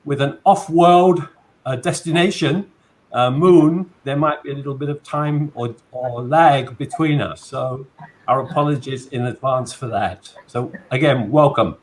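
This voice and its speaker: A man hosting a video call interview in a friendly, relaxed way, with frequent fillers. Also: medium pitch, a little slow. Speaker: host.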